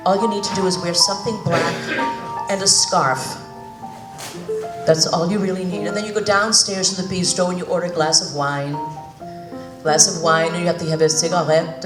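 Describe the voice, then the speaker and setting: A woman from Boston with a Boston accent, a cabaret singer chatting and joking with a live audience between songs. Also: lowish voice. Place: senior center hall. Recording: echoey hall, mic at a distance, loud piano.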